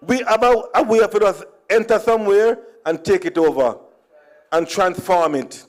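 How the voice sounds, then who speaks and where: Jamaican man, higher-pitched, playful conference speaker who slips into Creole and acts out dialogue. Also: normal speed. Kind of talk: humorous storytelling speech. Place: conference hall.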